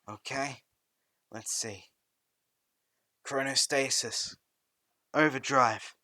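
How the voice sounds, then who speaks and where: A man voicing a hurried, flustered teenage hero boy in a fan storybook reading. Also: mid-range voice, fairly even intonation, pushed and bright, no room sound, voice pushed up.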